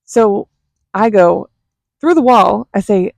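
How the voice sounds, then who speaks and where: A woman vlogger and mother telling a story in a chatty, animated way. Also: medium pitch, unhurried, vocal fry, no echo. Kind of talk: casual storytelling.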